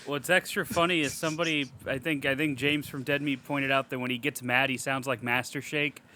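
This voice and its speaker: A man's voice: medium pitch, steady tone, fairly quick, bright, forceful tone, a little hiss or hum. A man co-hosting a podcast, chatting casually about a movie, cursing and laughing along. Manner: swears casually, laughs between remarks. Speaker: podcast co-host. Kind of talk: casual movie recap chat.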